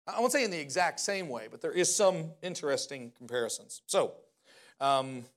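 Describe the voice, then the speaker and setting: A man delivering a casual, conversational sermon with a voice a bit higher than most men's. He talks in an animated way and keeps asking his listeners questions. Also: moderate pace. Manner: animated, often asks the audience questions. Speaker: preacher.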